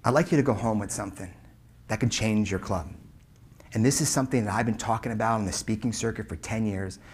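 A man in his forties telling a customer service story as a keynote speaker, emphatic, swinging between loud punches and hushed asides. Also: fairly low pitch, quick pace, a little hiss or hum.

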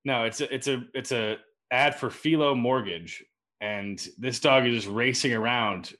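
A man's voice: medium pitch, a little slow, a bit bright. A man co-hosting a casual podcast chat, laid-back with dry wisecracks and casual swearing. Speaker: podcast co-host.

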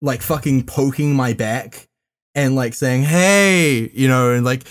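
Young guy rambling thru a story on a podcast, lots of likes and ums, mid-pitched voice. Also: level tone. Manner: rambling, halting, many fillers and restarts. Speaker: podcast regular. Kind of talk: casual storytelling among friends.

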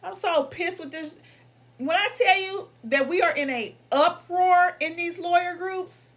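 A woman's voice: very high-pitched, a little slow, a bit bright. A young woman, a lawyer and vlogger, ranting in a heated, emphatic and profane way, her voice strained from coughing. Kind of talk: angry ranting monologue.

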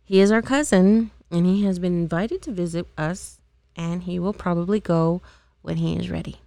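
An earnest young woman who gently scolds her little sister, read by a woman. Her voice sits low and a little gravelly. The sound is close and dry. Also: normal speed, dry recording. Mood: chiding.

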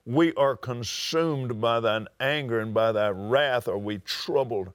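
A man's voice: medium pitch, takes it slowly, no echo, clean studio sound. An older man with a Southern US accent, preaching a sermon and reading scripture aloud with dramatic swings in his voice.

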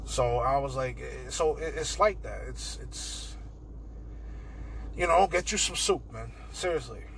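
A man's voice: mid-range voice, a little slow, a bit bright, rough recording. A young man hosting a casual podcast monologue, rambling and swearing and saying "bro" a lot. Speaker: podcast host.

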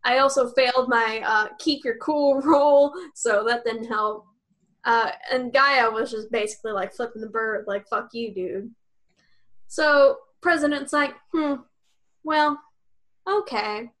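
A high-pitched woman co-hosts a podcast and recaps a tabletop role-playing session. She rambles, swears freely and laughs through the story, briefly acting out what the characters said. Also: a little slow, a bit bright. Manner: rambling, profane, laughing often, acting out quotes. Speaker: podcast co-host.

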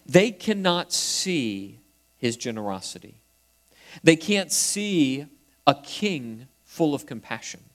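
Guy preaching, kinda higher voice, gets loud then drops way down soft. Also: sing-song, slow. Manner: swings from emphatic to hushed, soft quoted refrains. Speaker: pastor. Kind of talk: sermon.

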